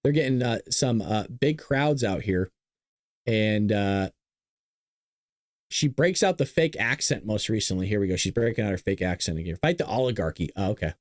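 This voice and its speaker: A man's voice: mid-range voice, dry recording, clean studio sound. A man hosting a live-streamed political commentary show, ranting sarcastically and answering viewer chat. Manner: sarcastic, ranting, mocks opponents.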